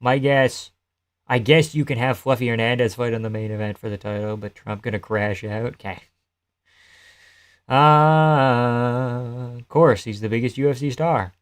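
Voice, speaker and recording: A man's voice: mid-range voice, measured pace, smooth. Male streamer, mid-range voice, rambling offhand chat with viewers, swears now and then. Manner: loose, rambling, profane, answers chat messages. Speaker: live streamer. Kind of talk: casual live-stream chat reacting to a fight card.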